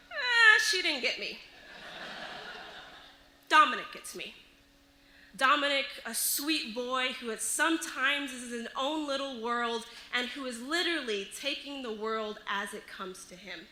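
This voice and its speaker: A woman telling a personal story on stage, lively and often laughing as she goes. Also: on the high side, normal speed, echoey room, low-quality recording. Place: live stage show.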